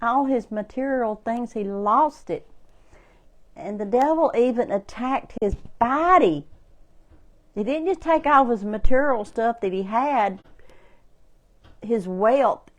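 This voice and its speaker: Woman preacher, informal sermon, slow delivery, higher voice, repetitive and emphatic.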